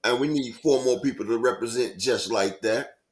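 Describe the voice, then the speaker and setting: A man co-hosting a live stream in casual chat, joking around and giving shout-outs to viewers. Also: mid-range voice, slight background noise. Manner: playful, jokey, does quick impressions and shout-outs. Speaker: co-host.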